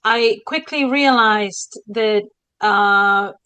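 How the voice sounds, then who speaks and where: Animated woman, dry sound. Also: medium pitch, drawn-out words, smooth, dry recording, poor audio. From Spain. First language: Spanish. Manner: dramatic, theatrical, animated. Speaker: historian co-host. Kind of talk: casual podcast conversation.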